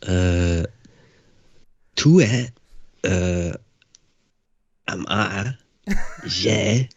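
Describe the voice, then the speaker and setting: A bewildered exiled leader, read by a man, fumbles for words in a slow, low, husky voice. The sound is dry and dull, like a cheap home mic. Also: no echo, full character voice. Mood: baffled. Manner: hesitant, stumbling, blunt swearing. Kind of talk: reading a comedy script live.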